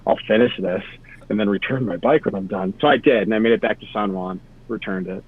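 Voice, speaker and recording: A man's voice: lowish voice, quick pace, breathy edge, no echo. A young man from Wisconsin, a podcast guest telling travel stories in a laid-back, rambling way over a video call. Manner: laid-back, lots of "like" and trailing asides. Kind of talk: casual storytelling. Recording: tinny phone-like call audio.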